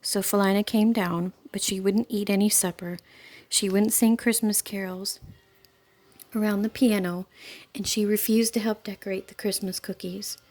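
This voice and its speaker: A woman reading a children's book aloud in a calm, expressive storytelling voice. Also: medium pitch, moderate pace.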